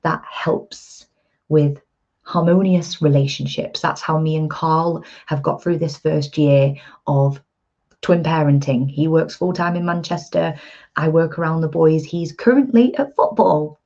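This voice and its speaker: A woman in her thirties speaks earnestly and chattily to her viewers as an empowerment coach. Her voice sits low, with a mellow, husky tone. The recording sounds dull and lo-fi. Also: level tone, measured pace. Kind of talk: casual motivational talk to viewers.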